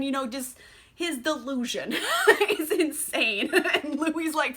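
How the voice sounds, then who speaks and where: A tipsy woman giving a casual book recap, animated, swearing and laughing often. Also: sits high, unhurried. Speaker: book reviewer.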